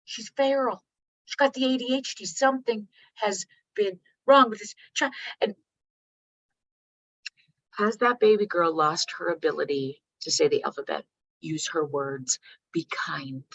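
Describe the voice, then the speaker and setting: A woman from Canada giving a workshop talk, telling stories with animated, salty language and checking in with her audience. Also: medium pitch, a little slow, no echo. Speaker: workshop speaker. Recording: dull lo-fi dry sound.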